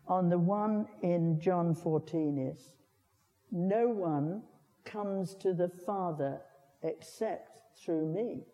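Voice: mid-range voice, warm tone. An older preacher gives a chatty sermon, repeating words and putting questions to the congregation. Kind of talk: conversational sermon. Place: church. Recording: long church reverb.

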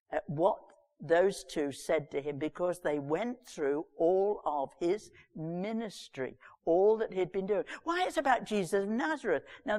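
Woman preaching in a reverberant hall. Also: lowish voice. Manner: lively storytelling with chatty asides. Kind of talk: sermon with Bible reading. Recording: long reverb of a large hall.

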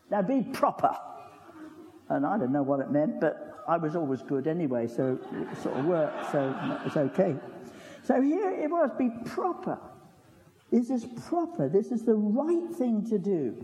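A man's voice: fairly high pitch, dark tone. An older man preaching a sermon in a folksy, chatty way, full of asides and rhetorical questions. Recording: long reverb of a hall.

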